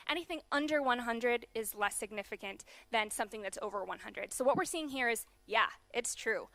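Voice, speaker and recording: Young american woman giving a keynote, bright voice, dry sound, kinda high. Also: dry recording. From USA. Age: young adult. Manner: brisk explanatory delivery with fillers. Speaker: keynote speaker. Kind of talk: conference keynote presentation. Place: large conference hall.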